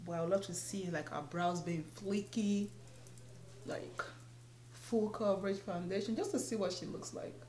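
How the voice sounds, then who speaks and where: A woman's voice: mid-range voice, fairly even intonation, normal speed, darkish tone, roomy sound. A young woman chatting casually while doing her makeup, laughing often. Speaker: beauty vlogger. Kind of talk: casual get-ready-with-me chat.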